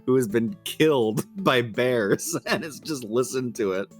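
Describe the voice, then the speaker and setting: A man's voice: mid-range voice, unhurried. A man co-hosting a podcast in casual chat, explaining things and laughing often, with faint music behind. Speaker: podcast co-host.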